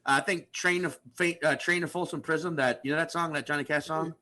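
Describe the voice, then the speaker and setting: A man who is a guest comedian on a podcast, telling animated stories and acting out the people in them. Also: a little high, brisk. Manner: animated storyteller, acts out the people he describes. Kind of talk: podcast chat.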